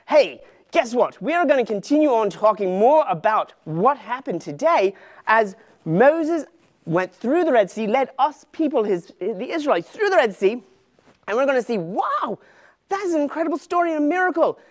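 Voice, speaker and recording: A male children's ministry leader giving an energetic Bible lesson for kids, coaxing them through motions. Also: very high-pitched, normal speed.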